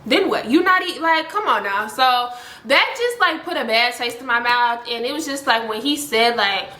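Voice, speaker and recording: A young woman telling a story in a casual vlog, animated and full of "like". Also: moderate pace, roomy sound. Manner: animated, heavy use of "like", voices other people with high pitch jumps. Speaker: storytime vlogger.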